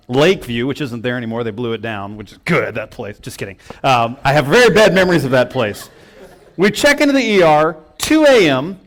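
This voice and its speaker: A young man preaching in a church, telling a personal story with self-mocking humor and acted-out quotes. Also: fairly high pitch. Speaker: pastor. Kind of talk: storytelling sermon. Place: church sanctuary.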